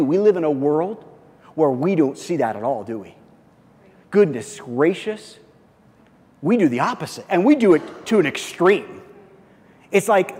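A man preaching a sermon, emphatic, swinging from loud exclamations to soft, quiet asides. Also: fairly high pitch, breathy edge, long reverb tail. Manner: emphatic, rising loud then dropping soft. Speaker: pastor.

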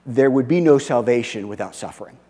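Animated preacher in a reverberant sanctuary. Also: male voice, mid-range voice, brisk. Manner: animated, swings between loud emphasis and quiet intensity. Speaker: pastor. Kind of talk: sermon. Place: church sanctuary. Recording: long church reverb.

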